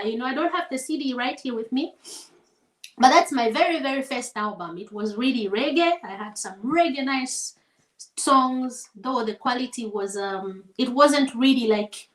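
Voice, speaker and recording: A woman from Zambia, a guest singer telling stories in a relaxed conversation, animated and quick to laugh. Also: high-pitched, echoey room, low-quality recording. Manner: animated storyteller, laughs often, acts out voices. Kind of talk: casual storytelling conversation. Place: home setting over a shared meal.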